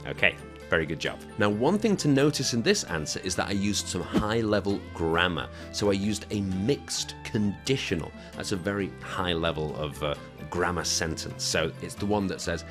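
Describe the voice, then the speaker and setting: A man's voice: deep voice, expressive, moderate pace, music in the background. A man teaching English exam speaking skills, explaining a sample answer in an encouraging, instructive way and checking in with his listeners.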